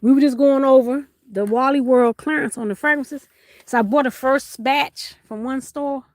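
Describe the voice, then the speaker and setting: A chatty woman hosts her own live stream, greeting viewers by name and reading their comments out loud. Her voice sits a little high, rising into excited greetings. The sound is dry and close to the mic. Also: normal speed, no echo. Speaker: livestream host. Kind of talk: casual livestream chat reading comments.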